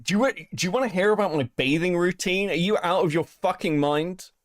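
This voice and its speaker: A man's voice: sits high, fairly quick, dry recording, clean studio sound. A British man hosting a live stream, chatting casually, laughing often and swearing through rambling asides. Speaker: stream host.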